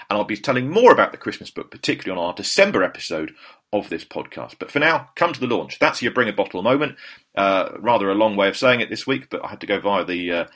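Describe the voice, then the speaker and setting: Husky, fast-talking podcast host. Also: male voice, lowish voice, fairly bright tone. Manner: rambling and anecdotal, with self-corrections. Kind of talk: casual chat.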